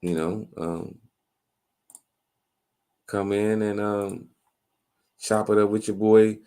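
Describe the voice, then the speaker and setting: Halting low-voiced man hosting a live stream. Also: fairly even intonation, dark tone, smooth. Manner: halting, many restarts and fillers, reads out viewer comments. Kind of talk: casual live stream chat.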